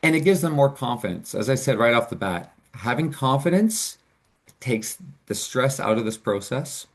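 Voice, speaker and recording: A man's voice: medium pitch, expressive, normal speed. A man presenting as a financial advisor in a webinar, explaining options in an earnest, upbeat way.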